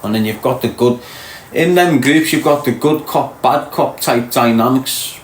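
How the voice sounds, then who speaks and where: A man's voice: mid-range voice, a little slow, echoey room, a little hiss or hum, poor audio. A man from Liverpool with a Scouse accent, hosting a live stream and lecturing his viewers bluntly. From Liverpool, England. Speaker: podcast host.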